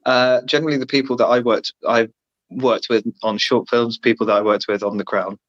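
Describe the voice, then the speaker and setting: A man's voice: mid-range voice, steady tone, fairly quick, fairly bright tone. A man guest on a remote call, talking earnestly and rambling, restarting his sentences often. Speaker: guest actor. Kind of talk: casual chat. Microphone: remote call over Wi-Fi. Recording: muffled lo-fi call audio.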